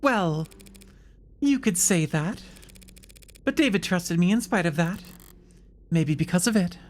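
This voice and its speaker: A woman voicing a cynical, sharp-tongued woman lawyer with a dark streak in a live visual novel reading, dry and self-assured. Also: on the low side, animated, unhurried. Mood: firm.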